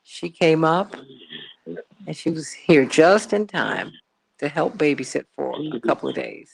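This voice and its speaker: Radio host lady, kinda gravelly, chatty, says okay okay okay a lot, studio mic. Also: low-pitched, very animated, measured pace, slight background noise. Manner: chatty, exclamatory, repeats words. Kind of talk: morning talk radio chat.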